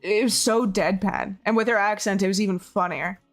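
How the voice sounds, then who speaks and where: A hoarse woman streamer chatting casually with her viewers, rambling, laughing often and swearing freely. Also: mid-range voice, moderate pace, soft background music. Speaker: game streamer. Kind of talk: casual chat with viewers while building.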